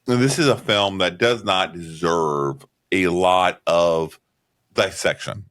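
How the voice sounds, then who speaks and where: A man's voice: deep voice, slow pace, fairly bright tone. A man co-hosting a movie podcast, talking bluntly and swearing a lot, with plenty of "um" and "all right" as he reviews a film in casual chat. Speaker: podcast co-host.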